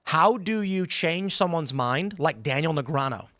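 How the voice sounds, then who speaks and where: A man's voice: a little high, expressive, measured pace, fairly bright tone, no echo, studio quality. A male podcast host in a casual panel discussion, telling rambling stories and acting out quotes in different voices. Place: studio.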